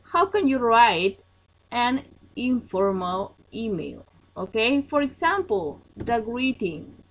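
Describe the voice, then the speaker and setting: Slow teacher woman, lots of "okay?". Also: fairly high pitch, sing-song, rough recording. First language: Spanish. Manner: slow, repetitive, checks in with "okay?" and "yes?". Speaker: English teacher. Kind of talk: online class lecture.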